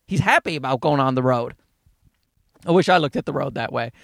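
A man's voice: mid-range voice, lively intonation, brisk, vocal fry, pauses often, a bit bright, dry recording, clean studio sound. A man hosting a solo podcast, ranting in a rambling, profane, sarcastic way. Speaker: podcast host.

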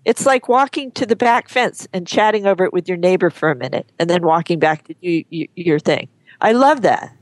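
A woman guest on an interview show, talking frankly and chattily, often pausing and restarting her sentences. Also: on the low side, animated, no echo. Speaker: guest, horse photographer. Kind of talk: casual interview chat.

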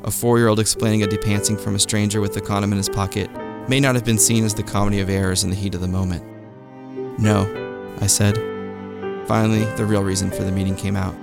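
Gravelly, low deadpan storyteller man. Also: fast. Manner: deadpan, wry delivery. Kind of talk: first-person comic storytelling. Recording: close dry mic with faint music.

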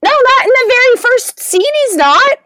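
A woman talking in a casual chat as a podcast guest, animated and laughing as she rants. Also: very high-pitched, normal speed, dry recording.

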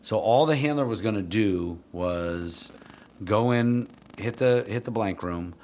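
Blunt, low-voiced dog trainer telling stories. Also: male voice, unhurried, a little hiss or hum. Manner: blunt, profane, animated when quoting himself. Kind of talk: casual storytelling.

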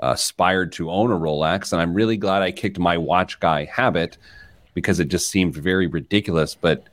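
A man's voice: deep voice, no room sound. A man hosting a personal finance radio show, chatting casually and joking at his own expense. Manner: self-deprecating, animated and joking. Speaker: podcast host, financial planner.

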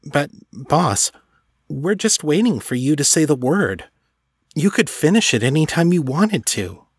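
A man's voice: fairly high pitch, big pitch swings, unhurried, breathy edge, no echo, studio quality, voice pushed up, exaggerated voice. Man playing a nervous little elf manservant. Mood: pleading. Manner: nervous, pleading.

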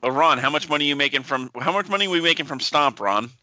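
A man's voice: fairly high pitch, expressive, fast talker, pushed and bright, dry recording, lo-fi sound. A man co-hosting a podcast, chatting casually and joking with his guests. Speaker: podcast co-host.

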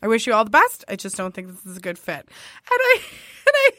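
A woman chatting casually, telling a story with animated quoted dialogue. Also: medium pitch, fairly quick, very noisy. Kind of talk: casual chat.

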